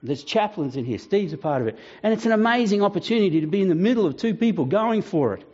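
A man's voice: high voice, very animated, fast talker, a little mellow, dull audio. A male pastor preaching a sermon, telling stories with animation and frequent restarts.

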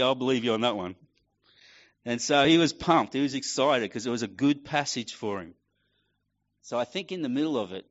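A man's voice: mid-range voice, fairly bright tone, highs cut off. A middle-aged man preaching a casual sermon, acting out quoted voices as he tells a story. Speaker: pastor.

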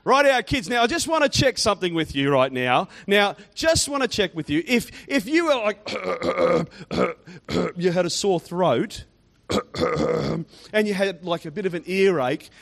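Man, children's talk at church; high, bouncy voice, chatty and teasing with the crowd. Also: sing-song, moderate pace, few pauses, a bit bright. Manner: chatty, teasing, quizzes kids and congregation. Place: church in front of a congregation.

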